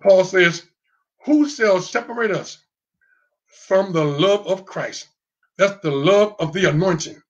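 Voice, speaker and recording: A man's voice: high voice, lively intonation, takes it slowly, pauses often, highs cut off. A man preaching an online sermon, fiery, with call and response and sudden whoops. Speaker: pastor.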